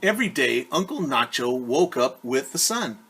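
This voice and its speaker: A man's voice: mid-range voice, lively intonation, fairly bright tone, breathy edge. A male teacher reading a children's story aloud, speaking patiently to young listeners. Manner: slow, patient, addresses children directly.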